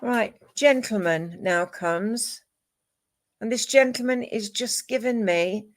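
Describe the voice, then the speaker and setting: A woman giving a live psychic reading, calm and measured, listing names and images one at a time. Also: a little high. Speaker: psychic medium.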